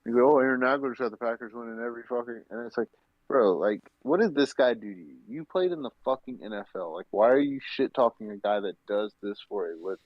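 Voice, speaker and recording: A man's voice: medium pitch, fast, dry recording, dull audio. A man co-hosting a sports podcast who rants heatedly, with heavy swearing. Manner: heated, profane ranting. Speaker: podcast co-host. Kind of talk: casual sports chat.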